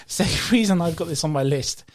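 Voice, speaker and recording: This man co-hosts a podcast, telling stories in a casual chat among friends and laughing often. He's an animated storyteller with a fairly high-pitched voice and a moderate pace.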